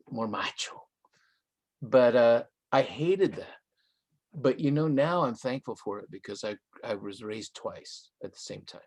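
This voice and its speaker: An older man from Southern California, a guest author, telling a story in a relaxed, conversational way and slipping Spanish phrases into his English, with laughs along the way. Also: lowish voice. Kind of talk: conversational storytelling in a live online interview.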